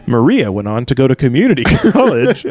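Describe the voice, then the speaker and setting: A young man co-hosting a comedy podcast, riffing fast and jumping into silly character voices. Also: wildly swooping pitch, darkish tone. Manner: riffing, acts out characters with big pitch jumps. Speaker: podcast co-host. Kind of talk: improvised comedy banter.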